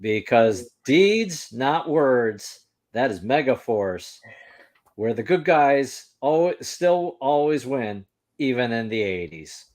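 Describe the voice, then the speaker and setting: A man hosting a casual chat, speaking haltingly with many fillers and breaking into laughs. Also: medium pitch, big pitch swings, a little mellow. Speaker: host.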